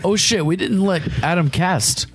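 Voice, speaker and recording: Male co-host, fast wisecracks, noisy lo-fi mic with clicks. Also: high voice. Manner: quick wisecracking interjections. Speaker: podcast co-host. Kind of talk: casual banter.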